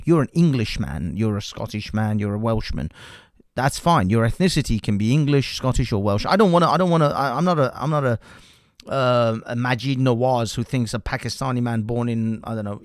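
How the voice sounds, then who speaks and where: A man's voice: medium pitch, dry recording, studio quality. A man from the United Kingdom hosting a livestream, delivering a heated, profanity-laced political rant with lots of repetition. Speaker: livestream host. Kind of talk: ranting political commentary.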